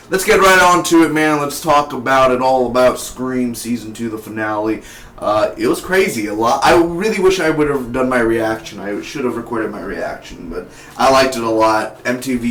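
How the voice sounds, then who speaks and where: Rambling young man in an echoey room. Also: medium pitch. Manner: rambling, excitable, chatty. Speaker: TV show reviewer. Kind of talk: casual spoken review vlog.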